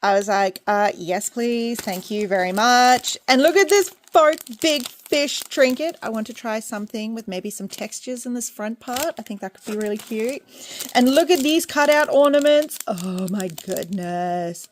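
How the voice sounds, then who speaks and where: A young woman with an Australian accent, chatting excitedly while unboxing her small business order at home. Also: fairly high pitch, normal speed, slight background noise. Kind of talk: casual unboxing vlog. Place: home indoors, rain and roosters outside.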